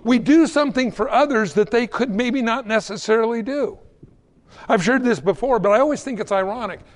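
A man's voice: extremely high pitch, fairly quick. A man preaching a conversational sermon, acting out little everyday exchanges between people. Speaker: pastor.

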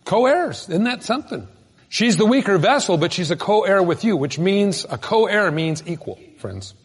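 A man preaching a sermon in a folksy, animated storytelling manner with sudden loud bursts. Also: sits high, moderate pace, slightly rough, in a large hall. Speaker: pastor.

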